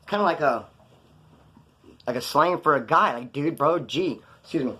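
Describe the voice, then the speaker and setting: A man's voice: a little high, expressive, moderate pace, bright, forceful tone. A man in a casual vlog, telling stories from prison in a rambling, profane, slangy way. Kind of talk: casual storytelling to camera.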